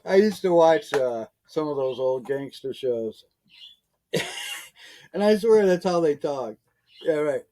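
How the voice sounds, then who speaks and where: A man's voice: a little high, animated, slow, long pauses, dark tone. A man in a casual online team meeting who rambles through his thoughts with plenty of fillers. He chuckles often, and his voice comes through a voice-chat microphone.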